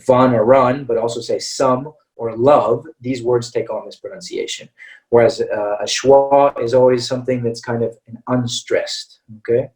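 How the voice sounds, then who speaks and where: A man's voice: medium pitch, a little mellow, distant mic, rough recording. A man teaching English pronunciation in an online webinar, patiently checking in with his class after nearly every point. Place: online video-call webinar.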